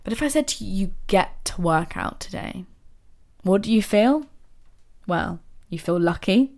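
Chatty woman, lively questions. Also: medium pitch, a little slow. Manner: animated, rhetorical questions, dips into soft asides. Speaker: podcast host. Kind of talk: casual motivational monologue.

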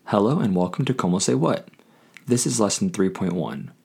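A man hosting a scripted Spanish lesson, speaking clearly and patiently, repeating each phrase slowly for learners. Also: on the low side, animated, a little mellow. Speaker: Spanish language teacher.

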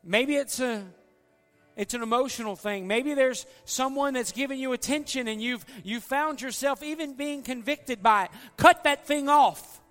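Man, pastor, earnest folksy sermon, high voice, long church reverb. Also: moderate pace, bright, forceful tone. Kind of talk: sermon altar call. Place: church sanctuary. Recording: long hall reverb, faint music.

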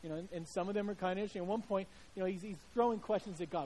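A man's voice: high-pitched, rapid-fire, mellow, husky, rough recording. A male preacher giving a sermon in a conversational storytelling way, with frequent restarts.

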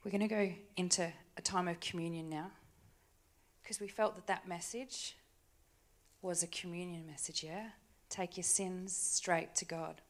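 Conversational woman preacher, slightly low voice. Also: fairly even intonation, a little slow. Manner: conversational, with tag questions and soft hushed asides. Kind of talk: sermon. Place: church stage.

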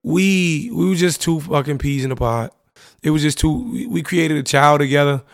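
A man's voice: on the high side, normal speed, gravelly, no echo, clean studio sound. A young man hosting a podcast, telling personal stories about a past relationship in a casual, candid way, full of slang and "you know what I'm saying". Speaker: podcast host. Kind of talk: reflective personal monologue.

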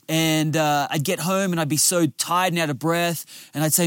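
A man's voice: fairly high pitch, steady tone, moderate pace, a bit bright, clean tone, no room sound, studio quality. A man, a lead pastor giving a sermon outdoors by a lake, in an earnest, conversational storytelling way.

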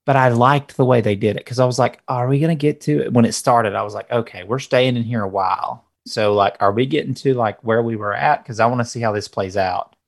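A man's voice: medium pitch, fairly quick, gravelly, hardly any pauses. A man co-hosting a casual podcast, thinking aloud and hesitating as he talks. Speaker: podcast co-host. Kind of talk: casual chat.

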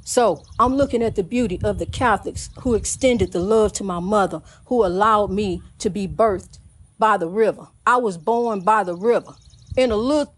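A woman minister preaching with fervent, repetitive calls, often calling the listener "honey". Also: medium pitch. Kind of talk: preaching monologue.

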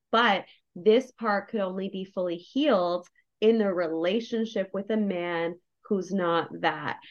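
Woman guest, candid and effusive storyteller, mid-pitched voice, slightly dull lo-fi recording. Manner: effusive, emotionally open, many "like" fillers. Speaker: podcast guest.

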